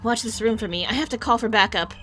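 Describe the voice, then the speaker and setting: A woman voicing a bossy young woman detective, speaking briskly and dismissively. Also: a little high, fairly bright tone, soft background music, natural voice. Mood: snippy, bossy.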